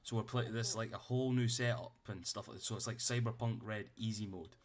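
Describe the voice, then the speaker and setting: A man's voice: fairly low pitch, steady tone, fairly quick. A man running a tabletop game, chatting out of character in a rambling way and swearing freely. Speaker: game master. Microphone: streaming setup.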